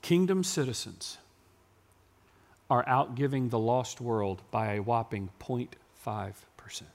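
A man, preaching a sermon to his congregation in a church and building to loud, yelling emphasis. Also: mid-range voice, slow. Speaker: pastor. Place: church sanctuary.

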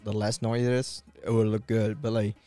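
A man's voice: lowish voice, little pitch movement, normal speed, dark tone, faint music behind. A man co-hosting a podcast, telling stories in casual chat with loose, non-native phrasing and a lot of swearing. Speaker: podcast co-host.

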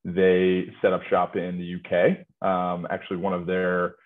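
A man, a company executive being interviewed, answering in a relaxed way and leaning often on filler phrases. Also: low-pitched, a little slow. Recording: tinny phone-like line.

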